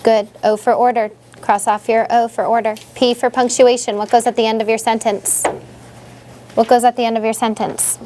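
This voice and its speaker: A woman's voice: on the high side, flat delivery, moderate pace, warm tone, slight background noise. A woman teaching young students in a classroom, leading them patiently with repeated questions.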